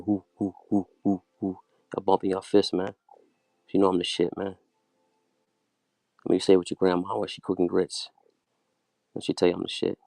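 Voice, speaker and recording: Low gravelly-voiced boastful man. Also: darkish tone, no room sound. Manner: bragging, loose and rambling, says "you know" constantly. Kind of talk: boastful freewheeling monologue.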